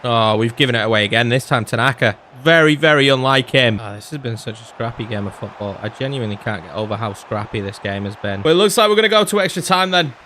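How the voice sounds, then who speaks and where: A man's voice: mid-range voice, quick pace, hardly any pauses, slight background noise. A young man, commentating his own football video game and ranting in frustration. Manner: animated, exasperated ranting. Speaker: gaming YouTuber. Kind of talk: gameplay commentary.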